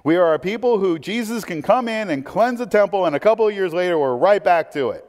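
A man preaching a sermon, swinging between emphatic points and hushed, conversational asides. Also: sits high, expressive, brisk. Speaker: pastor. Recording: long hall reverb.

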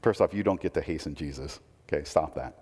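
A man's voice: extremely low pitch, quick pace, darkish tone. Man preaching in a reverberant hall. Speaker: pastor. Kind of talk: sermon.

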